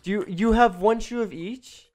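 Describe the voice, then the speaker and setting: A young man giving casual, rambling commentary as he streams a video game, breaking into excited exclamations and cutting himself off mid-sentence. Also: sits high, moderate pace. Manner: chatty and rambling, with excited exclamations and self-interruptions. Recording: faint game music behind.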